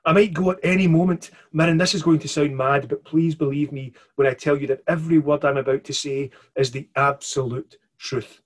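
A man voicing a desperate, hurried good magician in a storybook reading, urgent and pleading, with a husky voice. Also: fairly high pitch, fairly even intonation, natural voice.

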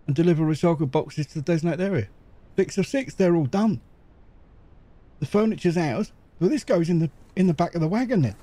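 A middle-aged man rambles through casual game commentary, giggly and chatty. His voice sits a little high for a man but has a mellow, soft tone. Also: expressive, fairly quick. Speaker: gaming YouTuber.

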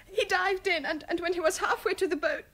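A woman's voice: very high-pitched, fairly even intonation, fairly quick, fairly bright tone. An actress playing an upset young woman who blames herself and explains what happened. It is a radio drama. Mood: distraught. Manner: upset, confessional.

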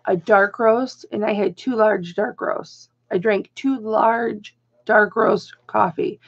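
Middle-aged woman vlogger, husky and unhurried, slightly dull lo-fi audio. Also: mid-range voice. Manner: rambling, animated retelling with quoted voices. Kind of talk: casual haul vlog storytelling.

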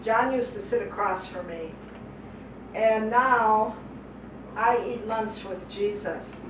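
A woman's voice: mid-range voice, slow. An older woman giving a heartfelt testimony sermon as a missionary guest speaker, repeating phrases for emphasis. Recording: echoey hall from far off, noisy.

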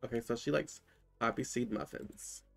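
A man's voice: mid-range voice, fairly even intonation, moderate pace, vocal fry. A man casually commentating his own gameplay, thinking aloud and exclaiming at what he finds. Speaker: gaming channel host. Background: game music.

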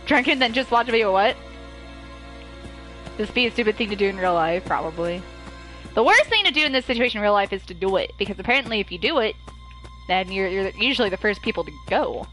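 A woman giving live gaming commentary while playing with friends, excitable and panicky, laughing often. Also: medium pitch, fast, faint music behind, poor audio. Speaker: gamer streaming with friends.

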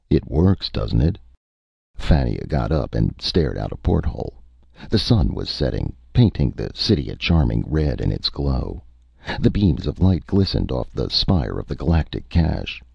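A man narrating a science fiction story in a husky, gravelly voice, muffled lo-fi recording. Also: a bass voice, darkish tone, dry recording. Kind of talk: audiobook story reading.

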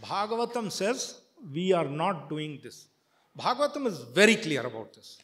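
A man giving a sermon, chanting verses and then explaining them at length, often halting with fillers and restarts. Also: a little high, sing-song, a bit bright. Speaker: preacher.

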